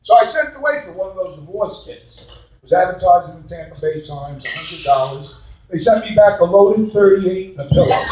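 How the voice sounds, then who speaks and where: A man over fifty doing a stand-up comedy set in a club, brash and crude, shouting his punchlines. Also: high-pitched, big pitch swings, moderate pace, recorded from a distance, slight background noise. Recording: echoey club recorded from afar.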